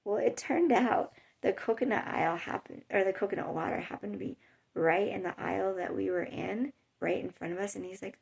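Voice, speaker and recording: A woman's voice: mid-range voice, fairly quick, vocal fry, darkish tone, breathy edge. A woman vlogging about her life with chronic illness, telling stories in a chatty, rambling way with little laughs. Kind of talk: casual storytelling to camera. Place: home in a hot desert area.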